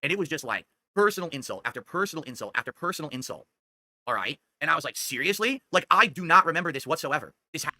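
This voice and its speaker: A man's voice: a little high, animated, fast talker, pushed and bright. A middle-aged man rambling defensively through a story in casual chat, often checking in with "okay?". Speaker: streamer telling a story.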